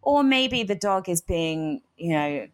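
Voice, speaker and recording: An American woman in casual conversation, telling stories with animated swings in her voice. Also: slow. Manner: animated storytelling, lively pitch swings. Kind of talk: casual chat.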